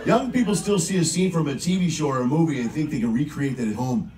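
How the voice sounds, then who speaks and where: A man in his forties doing a crude, animated stand-up comedy routine in a cruise ship comedy lounge, shouting his punchlines. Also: fairly high pitch, fast, over music. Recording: roomy lounge, far from the mic, with crowd laughter. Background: audience laughter.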